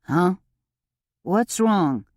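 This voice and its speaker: A woman's voice: low-pitched, animated, takes it slowly, a little mellow, no room sound, studio quality, full character voice. A woman voicing a sleepy, bewildered middle-aged man woken at night, in an audiobook. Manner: drowsy, befuddled.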